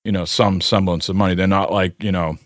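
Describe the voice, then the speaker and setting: Low-pitched and steady, a podcast co-host talks a little fast in a studio recording with no room sound. He rambles through long anecdotes in casual chat, leaning heavily on fillers.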